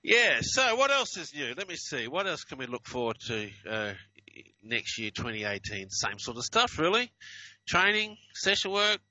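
A man with a soft Australian accent tinged with American, chatting casually as a host in a dry, sarcastic way. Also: a little high, very animated, moderate pace, dry recording, lo-fi sound. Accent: soft Australian with slight American. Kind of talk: casual podcast chat.

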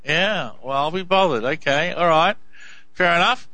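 A male host leading a casual interview in a brisk, encouraging way. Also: on the high side, animated, pushed and bright, no echo, rough recording.

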